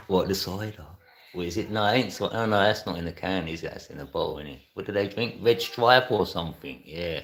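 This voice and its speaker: A man's voice: low-pitched, brisk, a bit bright. A middle-aged man, chatting casually and laughing often as a livestreamer reads and answers his chat. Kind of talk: casual live stream chat.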